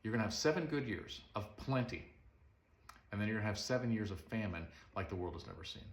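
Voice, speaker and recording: Brief: a man doing a calm young prisoner, lively delivery, echoey room. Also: fairly low pitch, fast, natural voice. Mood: explaining. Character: confident young male prisoner, calm and assured. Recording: roomy echo.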